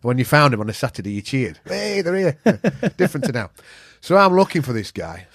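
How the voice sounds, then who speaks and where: A man's voice: mid-range voice, quick pace, dry recording, studio quality. A man from the north of England with a Yorkshire accent, telling a long story as a podcast guest, swearing freely and acting out what people said. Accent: Yorkshire English. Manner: swears freely, animated storyteller who acts out quotes. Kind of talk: casual storytelling.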